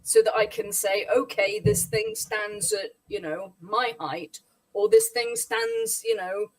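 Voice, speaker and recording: A woman's voice: mid-range voice, slow pace, no echo. A woman playing a tabletop game, thinking aloud about her character's moves. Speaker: player. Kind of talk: casual tabletop play. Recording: slightly distant from the mic.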